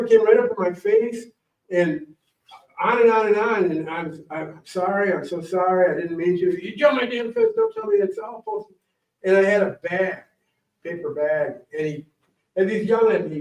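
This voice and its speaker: With a high-pitched voice, a guest speaker who is a morel hunting champion tells a library meeting room audience casual stories that wander and bubble with animation. The recording is dull and roomy, made from well away from him.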